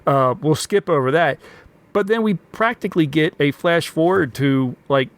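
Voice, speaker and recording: A man's voice: on the high side, normal speed. A man co-hosting a podcast, musing about an old film in a casual, questioning way. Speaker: podcast co-host.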